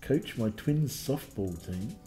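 A man's voice: medium pitch, lively intonation, slow pace, warm tone, faint music behind. Man doing a pumped-up stoner gym bro. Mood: upbeat. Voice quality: laid-back stoner drawl. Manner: friendly, pumped-up, calls people bro. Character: upbeat gym-bro dad, male adult, enthusiastic.

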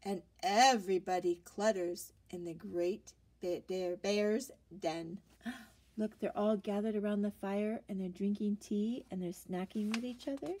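Slow, animated woman reading a picture book. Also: mid-range voice. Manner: animated, asks children questions, gasps. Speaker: storyteller reading to children.

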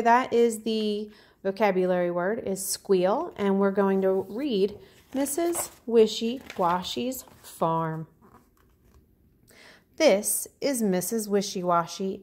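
A woman kindergarten teacher reading a picture book aloud to young children, talking clearly and encouragingly. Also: mid-range voice, a little mellow. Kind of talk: storybook read-aloud lesson for children.

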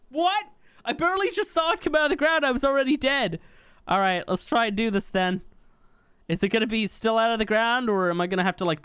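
A man's voice: a bit bright, smooth, no echo. Chatty young man narrating gameplay. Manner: chatty, exasperated at his creature, jumps to high surprised yelps. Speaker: gaming YouTuber. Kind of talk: casual gameplay commentary.

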